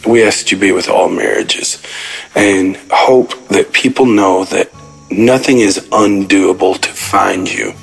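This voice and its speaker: A man's voice: low voice, measured pace, vocal fry, husky, faint music behind, poor audio. A man calling in to pray aloud, solemn and emphatic. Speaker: caller. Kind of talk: spoken prayer.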